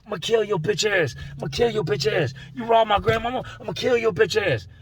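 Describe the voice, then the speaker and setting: A man's voice: high-pitched, a little fast, pitched above the performer's own voice, natural voice. A man voicing a furious young male inmate who repeats threats, raised well above his own voice. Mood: enraged. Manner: shouting threats over and over.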